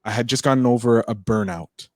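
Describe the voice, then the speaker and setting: A man being interviewed about podcasting, talking fast and animated with lots of restarts. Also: medium pitch, no room sound, studio quality. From Canada. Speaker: podcaster guest. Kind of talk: casual interview chat.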